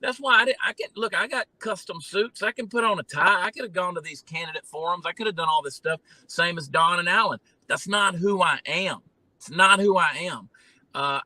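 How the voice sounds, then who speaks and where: A man from Georgia with a Southern drawl, talking in a folksy, animated way as a guest in an interview. His voice is very bright and slightly high, recorded dry and close. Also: no echo, poor audio. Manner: folksy, animated storytelling with many fillers. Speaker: guest, comedian and candidate. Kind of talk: casual interview talk.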